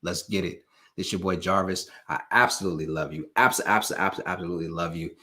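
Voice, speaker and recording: A man with a deep, steady voice and a sharp tone talks a little fast as he hosts a live stream. His motivational pep talk relies on emphatic, sermon-like repetition, delivered casually and aimed right at his viewers.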